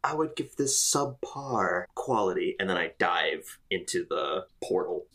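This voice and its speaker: Deep husky man joking at the table. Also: expressive, a little slow, a bit bright. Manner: joking and playful. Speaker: player. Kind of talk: tabletop role-play.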